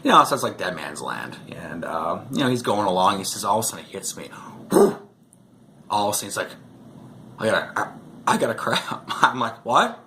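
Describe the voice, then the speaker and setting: A man's voice: lowish voice, animated, a little fast, sharp tone, a little hiss or hum. A man vlogging, telling rambling stories in a casual way, chuckling often and saying "you know" a lot. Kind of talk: casual storytelling to camera.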